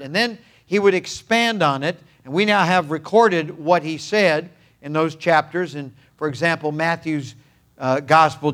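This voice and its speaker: A man's voice: high voice, a bit bright. An older male pastor preaching a sermon with an emphatic, repetitive cadence.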